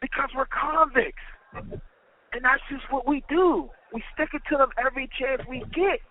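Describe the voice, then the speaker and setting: Man playing a slangy excited prison inmate. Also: high-pitched, unhurried, vocal fry, slightly rough, full character voice. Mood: serious. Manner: slangy, urgent street talk. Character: excited streetwise male prison inmate coworker. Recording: tinny phone-like line.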